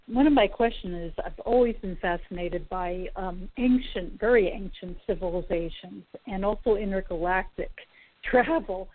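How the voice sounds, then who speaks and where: A woman calling in to a talk show, friendly and a bit hesitant as she asks her question. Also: lowish voice. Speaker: caller. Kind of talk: call-in question. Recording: tinny phone line.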